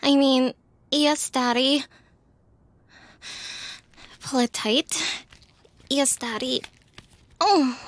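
A woman's voice: sits high, steady tone, extremely slow, pauses often. A woman performing a scripted adult audio role-play, sighing often and talking in a wry, self-mocking way into a close microphone.

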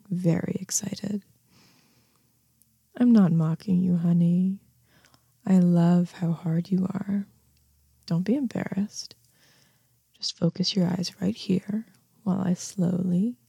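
Whispered role-play: woman as a self-assured, teasing neighbor, low and husky, close and dry. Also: mellow, no echo, heavily acted. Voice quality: breathy, half-whispered. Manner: slow, coaxing, commanding.

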